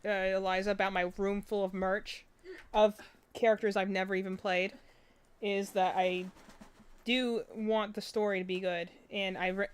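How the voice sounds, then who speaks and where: A young woman streamer chatting casually and softly into a close mic. Her voice is smooth and clear, and she often restarts her sentences as she goes. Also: mid-range voice, level tone. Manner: soft-spoken, halting. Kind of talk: casual chat on a livestream.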